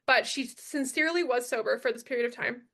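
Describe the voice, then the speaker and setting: A young adult woman with a high voice tells her story as a podcast guest. She talks bluntly and emphatically, swears freely and repeats the lines that matter to her. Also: fairly quick, a bit bright.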